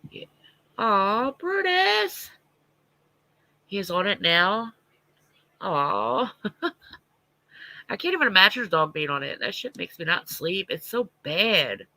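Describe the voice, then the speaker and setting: A congested man with a stuffy nose chatting on a livestream, answering viewer comments bluntly and with a lot of swearing. His voice is gravelly with plenty of fry, set fairly high for a man and very sharp and tense in tone. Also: very animated, slow, pauses often, dry recording, poor audio. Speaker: livestream host. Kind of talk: casual livestream chat.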